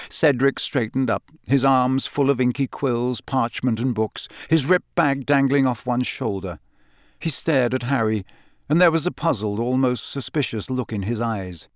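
Here a male audiobook narrator, medium in pitch, reads scripted narration with a steady, measured storytelling tone. The audio is dry and of studio quality.

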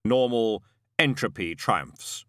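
A man reading an audiobook voices Death, a calm ancient male angel of death, speaking slowly and gravely. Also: lowish voice, no room sound, studio quality, heavily acted. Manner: slow, grave, measured. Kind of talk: audiobook narration.

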